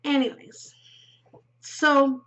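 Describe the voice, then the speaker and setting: A woman hosts a knitting podcast, rambling casually while she knits, giggling, slipping into murmurs and yawning now and then. Her voice is high-pitched, fairly bright and very slow with little pitch movement, on a dull lo-fi recording.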